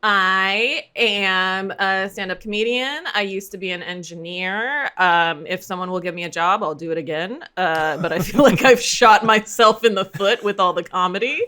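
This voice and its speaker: A woman stand-up comedian guests on a podcast, laughing easily and poking fun at herself. She trips over her words as she chats. Her voice sits mid-pitch with a bright, forward tone. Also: moderate pace, hardly any pauses, clean tone. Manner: giggly, self-deprecating, stumbles over words. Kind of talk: casual comedic podcast chat.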